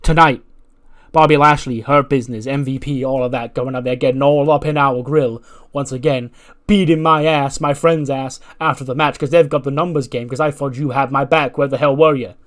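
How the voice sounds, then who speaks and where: A man voicing a hot-headed male wrestler who rants loudly and confrontationally. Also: medium pitch, fairly even intonation, moderate pace, lightly acted. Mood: angry. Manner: loud, ranting and confrontational.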